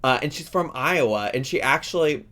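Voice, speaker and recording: A man's voice: animated, normal speed, a bit bright. Sassy Midwestern man with a cough. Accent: Southern Illinois Midwestern. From Southern Illinois, USA. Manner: sassy and playful, big jumps up in pitch. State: lingering cough, cough drop in mouth. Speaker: YouTuber host. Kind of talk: casual reaction vlog chat.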